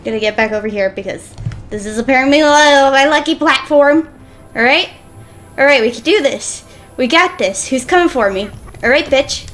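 A woman's voice: high-pitched, lively intonation, moderate pace, fairly bright tone, soft background music. A woman hosting a let's-play of a video game, frustrated and swearing constantly as she plays. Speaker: gaming channel host.

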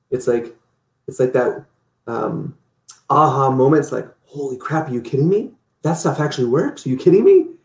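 Gravelly man telling a story in a roomy echo. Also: mid-range voice. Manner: animated storytelling, acts out quotes. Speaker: guest. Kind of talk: casual interview.

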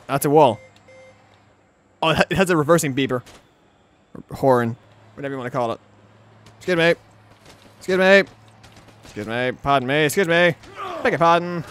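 A young man giving let's play commentary on a game, excitable and rambling, often talking sarcastically to the characters on screen. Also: mid-range voice. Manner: rambling with frequent restarts. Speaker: gaming channel host.

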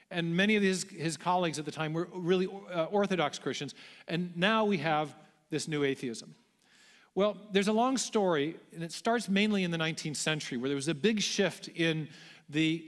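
A man giving a public lecture to a large audience, telling history as a story with self-deprecating asides. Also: a little high. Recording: long hall reverb.

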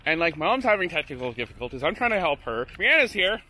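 A man vlogging casually, telling stories in a chatty, excitable way while out and about with a handheld camera. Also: fairly high pitch, fast, slight background noise. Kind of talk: casual vlog chat.

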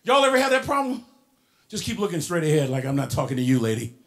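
A man in his sixties delivers a motivational keynote to young people, preaching to the crowd and calling out to them. He moves between soft lines and shouted ones, talking fast in a fairly high voice with big pitch swings.

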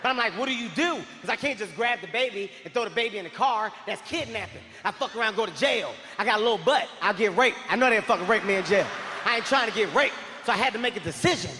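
A man performing a stand-up comedy routine, telling a profane, excitable story with bursts of shouting, recorded live on stage. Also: sits high, fast talker. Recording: live venue reverb with faint noise.

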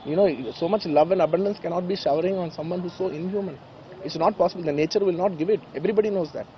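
A man's voice: high-pitched, fast, highs cut off, a little hiss or hum. A man with a background gives an emotional press statement, earnest and repeating phrases insistently. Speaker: speaker at a press conference.

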